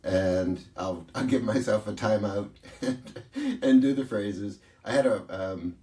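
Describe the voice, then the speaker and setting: A man speaking as a coach in a casual interview, telling stories in an animated way and laughing easily. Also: on the low side, slow pace, reverberant, distant mic.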